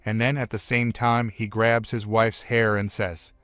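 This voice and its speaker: A man narrating a comic story recap, retelling events one after another with "and then" in a plain, steady way. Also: on the low side, measured pace, clean tone, no echo.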